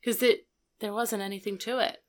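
A woman's voice: medium pitch, fairly even intonation, moderate pace. A woman co-hosting a casual chat, recapping a TV episode and giving blunt, offhand opinions. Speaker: podcast co-host.

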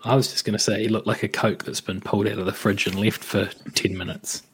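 A man's voice: lowish voice, little pitch movement, fast talker. Joking male player, faint hiss behind. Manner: joking, laughs often. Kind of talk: casual tabletop banter.

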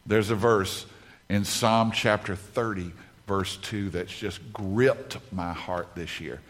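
A man's voice: on the low side, fairly even intonation, slow pace, fairly bright tone. A man preaching a sermon at a conference, emphatic, repeating key phrases over and over. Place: conference stage.

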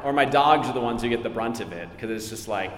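A man's voice: medium pitch, fast. A middle-aged man and voice actor answering questions at a live convention panel, chatty and self-deprecating, laughing often. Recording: echoey hall with faint crowd ambience.

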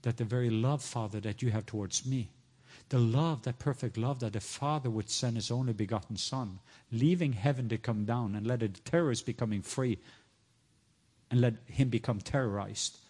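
A middle-aged man preaching, telling a personal story in a sermon, sometimes soft and hushed, and rising high when he quotes others. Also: moderate pace, breathy edge.

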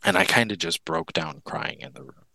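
Podcast guest, male, deep creaky voice with a bright edge, candid storytelling. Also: no room sound, rough recording. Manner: earnest and candid, with halting restarts. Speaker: interview guest. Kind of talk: personal storytelling in a podcast interview.

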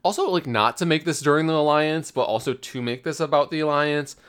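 A man's voice: fairly high pitch, a little fast, fairly bright tone, clear, resonant tone. A man co-hosting a casual gaming podcast, guiding the conversation with teasing remarks. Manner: wry, teasing, steers the discussion. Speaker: podcast co-host.

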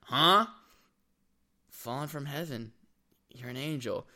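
A man's voice: mid-range voice, expressive, normal speed, a bit bright. A young man co-hosting a casual comedic chat, joking and acting out text messages in quoted voices. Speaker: co-host. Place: indoor room with laptop.

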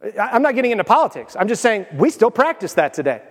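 Man, pastor, lively sermon, loud-to-soft swings, fairly high voice. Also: fast talker. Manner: animated preaching that swings between loud and hushed. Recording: long hall reverb.

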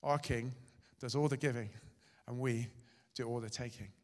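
A male pastor preaching a sermon, swinging between loud and hushed delivery. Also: medium pitch, fairly even intonation, normal speed. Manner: dramatic, shifting loud and soft. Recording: hall reverb.

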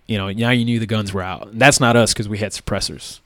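A man's voice: lowish voice, steady tone, brisk, fairly bright tone, no room sound, clean studio sound. A police tactical officer, a man, recounting events in a plain-spoken, casual way with lots of "like" and "right?". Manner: plain-spoken, many fillers like "like" and "right?", occasional swearing.

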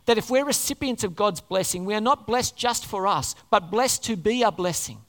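A preacher giving a sermon to a live congregation, talking in an animated way and often putting questions to the listeners. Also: mid-range voice, moderate pace. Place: large hall before a congregation. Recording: long hall reverb.

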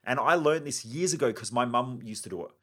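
A man's voice: medium pitch, expressive, fairly quick, pushed and bright. Blunt, driven podcast host man. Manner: blunt, driven and emphatic, with casual swearing. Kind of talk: motivational self-help monologue.

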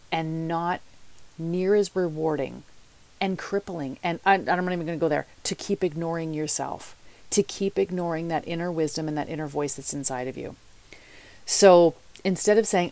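A woman's voice: fairly low pitch, a little mellow, no room sound. A woman life coach giving motivational podcast talk, chatty and candid, speaking straight to her listeners.

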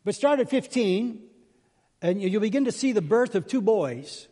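A man's voice: sits high, lively intonation, moderate pace, warm tone. An older man preaching as a pastor, chatty and self-deprecating, telling folksy jokes in a sermon. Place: church sanctuary. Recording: reverberant church hall.

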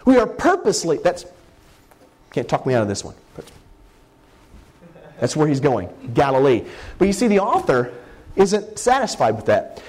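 A man preaching a sermon as a Bible word study, talking conversationally and slowing down to stress key words. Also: medium pitch, sing-song, a little mellow.

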